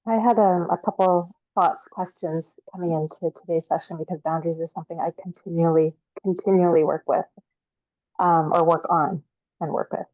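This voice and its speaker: A woman in a workshop asking a question on a video call, pausing often with "um". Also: lowish voice, fairly even intonation, no room sound, highs cut off. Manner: hesitant, many "um" pauses. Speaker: workshop participant.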